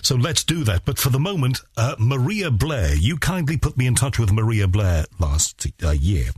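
Laid-back male host with a husky, dry voice. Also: medium pitch, sing-song, normal speed, darkish tone, no echo. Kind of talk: casual interview chat.

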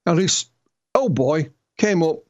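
A man's voice: fairly high pitch, animated, slow pace. A man with a Yorkshire accent, an author telling stories as a guest in an interview, often restarting his words. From Yorkshire, England. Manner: storytelling, repeats and restarts words. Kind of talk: interview conversation.

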